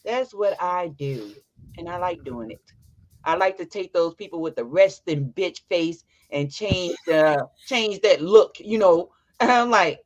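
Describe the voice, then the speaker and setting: A woman in her twenties co-hosting a casual relationship chat, animated and quick to laugh. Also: lowish voice. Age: 20s. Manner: animated, laughs often, acts out bits of dialogue. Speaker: podcast co-host.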